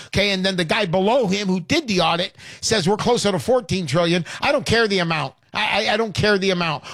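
A male radio show host giving an emphatic, repetitive, hard-selling pitch between calls. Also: a bit bright, dry recording, studio quality. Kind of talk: talk radio sales pitch.

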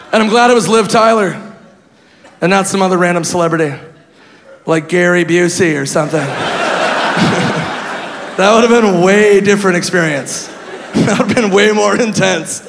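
High-voiced comedian in a big reverberant hall. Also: male voice, moderate pace, vocal fry, pauses often. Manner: animated, laughing, bursts into loud shouted impressions. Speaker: stand-up comedian. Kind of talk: stand-up storytelling. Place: comedy club stage. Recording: reverberant hall with faint crowd and noise.

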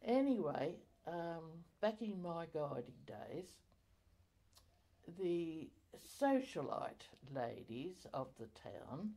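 An older woman recalling her community life in an oral history interview, halting with many fillers and self-corrections. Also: on the low side, sing-song, dark tone.

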